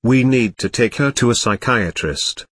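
A man voicing an excitable young alien girl. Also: mid-range voice, measured pace, slightly rough, no echo. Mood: insistent.

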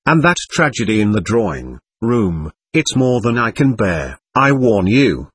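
A male narrator doing a middle-aged society lady in an audiobook, nervous and effusive, talking in quick anxious bursts. The voice swings widely in pitch and has a husky edge. It sounds dry and close. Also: very animated, fairly bright tone, dry recording, heavily acted. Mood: gushing.

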